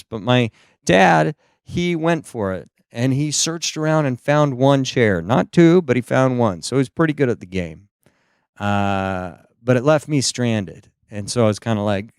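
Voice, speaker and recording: A man's voice: medium pitch, expressive, moderate pace, vocal fry, smooth, dry recording, studio quality. A male stand-up comedian telling rambling, self-deprecating stories with lots of "uh" asides. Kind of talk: stand-up storytelling.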